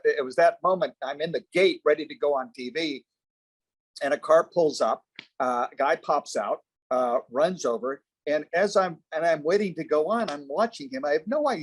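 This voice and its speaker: A man with a slightly high voice tells a story, pausing often as he searches for the words. He speaks as a former TV news reporter and guest, and the delivery is casual. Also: husky. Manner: halting, recollecting, pausing to find words.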